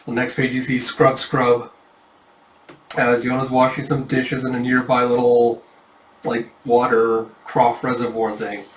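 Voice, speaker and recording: A man's voice: mid-range voice, flat delivery, unhurried, a little hiss or hum. A man casually narrating a manga read-through, rambling and self-deprecating with many fillers. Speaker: manga reader. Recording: echoey room, distant mic.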